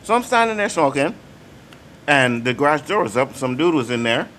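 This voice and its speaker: A man's voice: fairly high pitch, sing-song, normal speed, fairly bright tone, a little hiss or hum. A man hosting a casual livestream talk show, telling stories in a profane, emphatic way. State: coughing. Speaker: show host.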